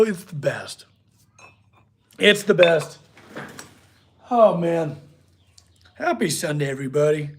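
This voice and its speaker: Man, casual livestream chat, fairly high voice, husky, workshop. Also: animated, takes it slowly, pauses often. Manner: chatty, answers viewer questions, talks to his dog. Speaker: blacksmith livestream host. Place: his workshop.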